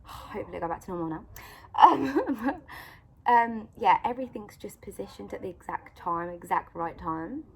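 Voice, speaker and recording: A woman's voice: mid-range voice, lively intonation, moderate pace, vocal fry, breathy edge. Chatty woman vlogging on her phone. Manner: chatty, full of "like" and "you know", acts out dialogue. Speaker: vlogger sharing encouragement. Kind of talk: casual storytelling to camera. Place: outdoors in sunlight. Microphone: phone camera at arm's length.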